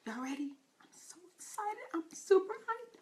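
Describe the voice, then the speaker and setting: A woman hosting her own live talk show, chatting excitedly with her listeners and calling them y'all. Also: extremely high pitch, normal speed.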